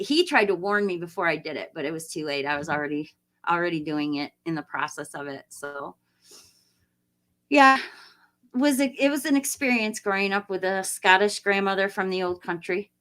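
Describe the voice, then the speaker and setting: A woman's voice: fairly low pitch, sharp tone. A woman hosting a live stream, chatting casually with viewers, tired after hours of talking, laughing often and rambling. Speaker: livestream host. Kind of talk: casual live chat reading viewer comments.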